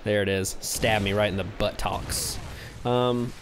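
A man's voice: fairly low pitch, steady tone, unhurried, background noise. A young man giving casual, rambling commentary over his video game play, hyper and easily distracted. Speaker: gaming commentator.

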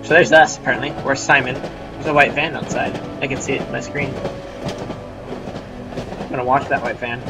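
A man giving casual, rambling, self-mocking let's-play commentary at home, with sudden loud outbursts. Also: mid-range voice, fairly even intonation, normal speed, long pauses. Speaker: gamer. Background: game music.

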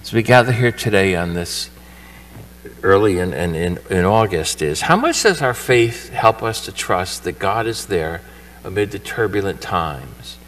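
A man's voice: low-pitched, lively intonation, a little slow, a bit bright. A male priest giving a homily at Mass in a church, telling the story conversationally and acting out the characters' lines with energy. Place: church shrine. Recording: voice from far off the mic.

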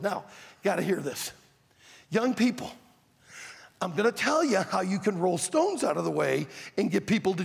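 An older man preaching to a youth conference in a large auditorium, emphatic and shouting his key words. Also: high voice, vocal fry, breathy edge. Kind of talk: sermon. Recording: long reverb in a large hall.

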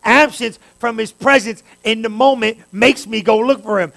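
A man pastor preaching a sermon, talking straight to his congregation and building to fervent, loud stretches. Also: very high voice, moderate pace, gravelly, hardly any pauses. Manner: preaching with rising fervor, direct address to the congregation.

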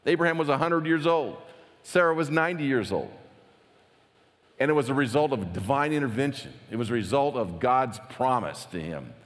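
A man preaching a conversational sermon as pastor, animated and lively, acting out the quotes he tells. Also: medium pitch, normal speed, long reverb tail.

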